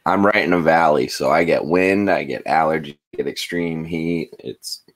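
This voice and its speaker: A man co-hosting a podcast, chatting in a relaxed, rambling way and telling stories. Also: a bass voice, normal speed. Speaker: podcast co-host. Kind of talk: casual chat. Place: home in a hot valley.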